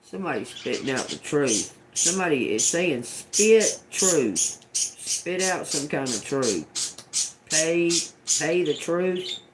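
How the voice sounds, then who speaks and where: Man, live oracle reading, profane, muttering, slow, slightly high voice. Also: very animated, noisy background. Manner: exclaims and scolds someone nearby. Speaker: livestream oracle reader.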